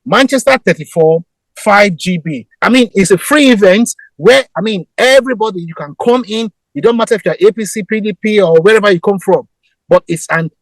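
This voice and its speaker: A man calling in to a show, giving event details and spelling out addresses slowly. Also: high voice, dry recording, low-quality recording. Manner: repeats addresses and postcodes slowly. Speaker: caller from abroad. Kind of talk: announcement on a live show.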